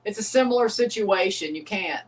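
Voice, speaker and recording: A man's voice: sits high, moderate pace, distant mic. A man hosting a casual live watchalong, chatting with viewers and often repeating phrases. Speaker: livestream host reacting to a match.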